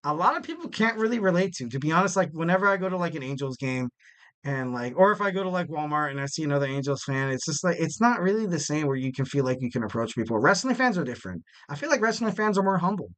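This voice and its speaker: Speaking fast and expressively, a young man with a voice on the high side and a fairly bright tone hosts a solo wrestling podcast. He's from the West Coast of the United States and rambles jokily through casual chat full of fillers.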